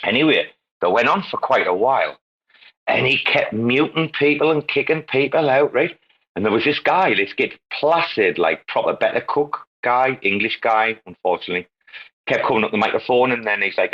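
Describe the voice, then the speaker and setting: A man's voice: mid-range voice, expressive, normal speed, slightly rough, dull audio. A man hosting a casual online voice chat, rambling and swearing freely, laughing often. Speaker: podcast host. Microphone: online audio chat.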